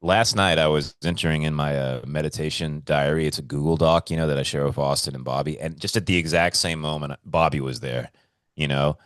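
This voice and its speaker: A man co-hosting a casual podcast, telling stories in an animated, profane way. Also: a bass voice, a little fast, clean tone, dry recording, studio quality. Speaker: podcast co-host.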